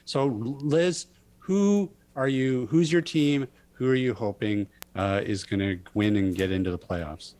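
A man's voice: mid-range voice, unhurried, darkish tone. Teasing man hosting a podcast. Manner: teasing, playful, chatty. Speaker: podcast host. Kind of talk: casual podcast banter.

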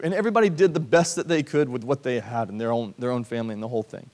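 Speaking rapid-fire with few pauses, this medium-pitched, darkish voice belongs to a thirties-aged pastor from Georgia, USA. He preaches earnestly and conversationally at a church service, telling personal stories and acting out quoted voices.

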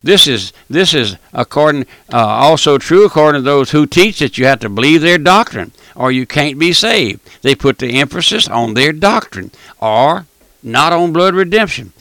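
An older man preaching a folksy broadcast sermon, repeating his points and calling the listener "my friend", with emphatic, drawn-out stressed phrases. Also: fairly high pitch, lively intonation, fairly bright tone, dry recording. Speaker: radio preacher.

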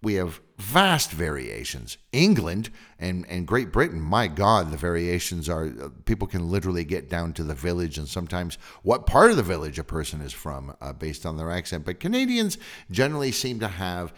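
American guy hosting a podcast, low voice that swings up and down a lot, curious, quizzing his guest. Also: sing-song, normal speed, fairly bright tone. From United States. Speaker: podcast host. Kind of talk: casual chat. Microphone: remote call recording.

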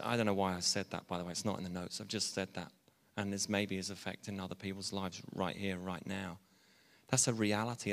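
Pastor preaching, chatty with asides, bright voice ringing in a big hall. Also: male voice, on the low side. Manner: conversational preaching with asides and restarts. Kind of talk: sermon. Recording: long reverb of a church hall.

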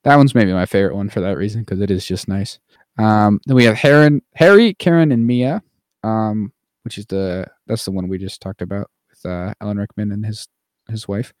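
A man's voice: lowish voice, normal speed, darkish tone, no echo, clean studio sound. A man co-hosting a podcast, casually recapping a movie with lots of fillers and the odd mocking put-on voice. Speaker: podcast co-host. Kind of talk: casual chat.

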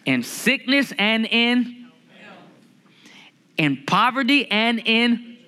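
Bright-voiced preacher with playful emphasis. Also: male voice, extremely high pitch. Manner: lively, humorous preaching with drawn-out emphasis. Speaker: pastor. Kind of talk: sermon.

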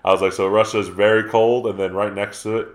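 A man's voice: fairly low pitch, fairly quick. A man who teaches geography, chatting casually on a podcast and acting out what people said. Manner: animated retelling with quoted dialogue. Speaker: podcast co-host. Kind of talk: casual storytelling chat. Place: South Carolina.

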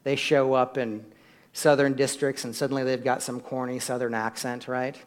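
A man preaching a sermon, shifting from quiet asides to loud, emphatic peaks and questions to the congregation. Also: mid-range voice, little pitch movement, moderate pace. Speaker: pastor.

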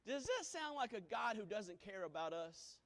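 High-voiced preacher with dramatic swings. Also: male voice, very animated, moderate pace. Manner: dramatic swings from booming to hushed, sings hymn lines. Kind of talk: sermon.

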